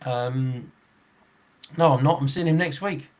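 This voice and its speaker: A man's voice: medium pitch, a little slow. A man in his sixties, a football referee hosting a podcast, chatting casually in a rambling way, chuckling often and restarting his sentences. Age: 60s.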